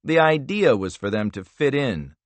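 A man narrating a thriller audiobook in a measured, expressive storytelling manner. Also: medium pitch, no echo. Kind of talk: scripted narration.

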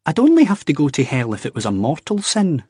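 A man voicing an anxious, earnest young Scottish man who talks in a halting, hesitant way, with a Scottish accent. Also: fairly high pitch, huge pitch swings, warm tone, husky, no echo, studio quality, pitched above the performer's own voice, exaggerated voice. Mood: earnest reasoning. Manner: hesitant, halting, drawn-out reasoning.

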